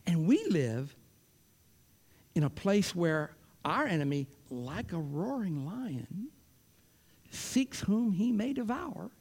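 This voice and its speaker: A man preaching a sermon, swinging between loud declarations and hushed whispers. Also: a little high, very animated, measured pace, pauses often, breathy edge.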